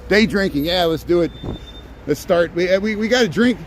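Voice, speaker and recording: A man's voice: high voice, brisk, a little hiss or hum. A man hosting a live stream as he walks a snowy city sidewalk, chatting with viewers and rambling through joking, sarcastic asides. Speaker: livestreaming street-walk host.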